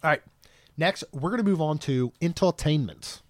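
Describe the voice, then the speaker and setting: A man's voice: on the high side, moderate pace, dry recording, studio quality. A man in his thirties co-hosting a podcast, chatting casually and joking, rambling with frequent restarts. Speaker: podcast co-host.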